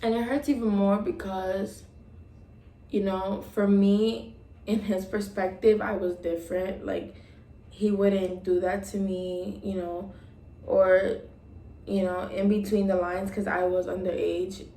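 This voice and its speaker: A woman's voice: medium pitch, flat delivery, slow pace, mellow. A young woman vlogger telling a personal story in a casual, rambling way, full of ums and likes as she retells old conversations. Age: young adult. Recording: roomy echo.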